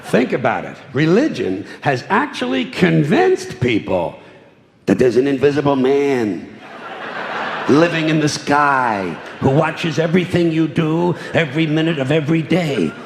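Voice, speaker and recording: A man's voice: on the high side, very animated, a little slow, gravelly. A male stand-up comedian delivering a sardonic, mocking routine, recorded in an echoey theater. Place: theater stage before a live audience. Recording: echoey hall, audience laughter, noisy.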